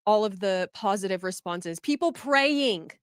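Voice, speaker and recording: A woman's voice: mid-range voice, animated, unhurried, smooth, no echo, studio quality. A woman co-hosting a stream, commenting on clips in a sarcastic, dismissive way. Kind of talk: casual reaction commentary.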